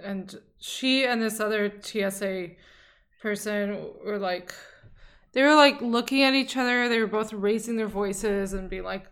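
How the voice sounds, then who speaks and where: A woman's voice: medium pitch, a little slow, fairly bright tone. A woman from Saudi America co-hosting a podcast in an earnest, chatty way. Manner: earnest, supportive, chatty with fillers. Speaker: podcast co-host. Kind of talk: casual chat.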